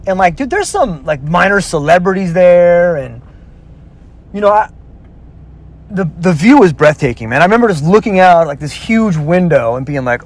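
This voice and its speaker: A man's voice: high-pitched, very animated, normal speed. A man casually telling a personal story, rambling with lots of filler words and restarts.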